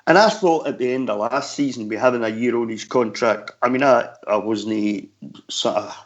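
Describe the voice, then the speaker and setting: A chatty Scottish man talks football on a fan call-in show, laughing easily as he goes. His voice sits mid-range, and the audio is dull and lo-fi. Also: mid-range voice. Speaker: regular pundit on a fan radio show. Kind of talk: casual chat.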